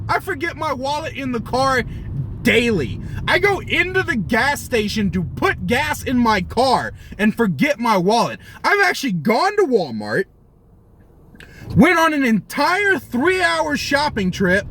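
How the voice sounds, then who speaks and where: Young male vlogger, high and animated, ranting and cursing in a car with a light background hum. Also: a little slow, poor audio. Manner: furious, swearing, bursts into shouting. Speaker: vlogger and rideshare driver. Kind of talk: angry profane rant.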